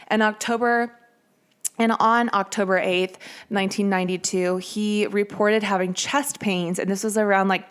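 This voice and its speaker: A woman's voice: mid-range voice, clear, resonant tone. A woman hosting a true-crime podcast, telling the case in a casual, conversational way with fillers. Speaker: podcast host.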